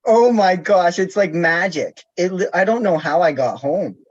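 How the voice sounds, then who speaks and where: A Canadian man calls in to a live chat over video and tells a story in a chatty, giggly manner, as casual conversation. His voice sits a little high and is expressive and slightly rough at a normal speed, heard through dull lo-fi call audio.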